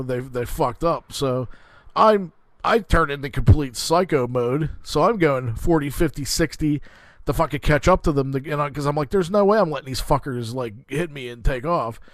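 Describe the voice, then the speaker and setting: A man's voice: medium pitch, no echo. A man hosting a podcast, telling a rambling, profane story in a heated, casual way. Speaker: podcast host.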